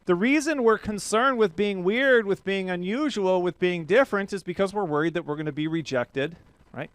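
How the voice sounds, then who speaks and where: Energetic male keynote speaker, crisp dry voice. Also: high-pitched, moderate pace, dry recording. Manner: energetic, rhetorical questions with frequent "right?". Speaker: professional speaker. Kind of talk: motivational keynote talk. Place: event stage before a live audience.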